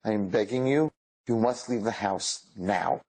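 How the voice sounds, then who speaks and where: A man's voice: fairly low pitch, measured pace, darkish tone. A man voicing a solemn angel who urgently warns soldiers to leave, in an insistent, pleading way.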